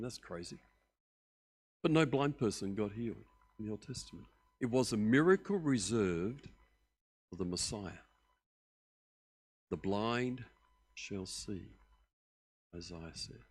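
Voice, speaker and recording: A middle-aged man, preaching a sermon as pastor, telling the story with lively acted-out voices that swing from loud to hushed. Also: lowish voice, slightly rough. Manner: animated storytelling, acting out voices with big swings in loudness.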